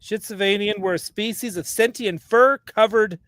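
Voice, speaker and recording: A man's voice: sits high, moderate pace, a bit bright. A man co-hosting a casual podcast, laughing often and reading wiki entries aloud. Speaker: podcast co-host. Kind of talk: casual chat while browsing a wiki.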